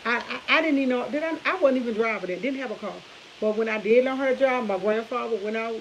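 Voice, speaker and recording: A woman, telling stories to her viewers in a rambling, chatty way with frequent laughs and restarts. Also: on the high side. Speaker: vlog host. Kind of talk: casual storytelling chat to viewers. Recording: dull lo-fi audio with faint hiss.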